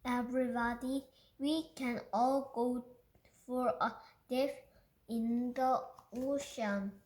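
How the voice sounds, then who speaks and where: A woman's voice: fairly high pitch, steady tone, slow, darkish tone, roomy sound. A woman whose first language is Korean reads a picture book aloud carefully, stumbling and restarting on words. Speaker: reader.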